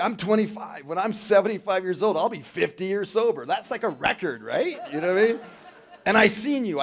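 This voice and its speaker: A young man tells his story to a meeting hall in a slightly high voice. He is slangy and animated and keeps slipping into the voices of the people he quotes. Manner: animated, slangy, acting out other people's lines. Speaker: recovery meeting speaker. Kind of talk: storytelling speech to a crowd. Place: convention hall.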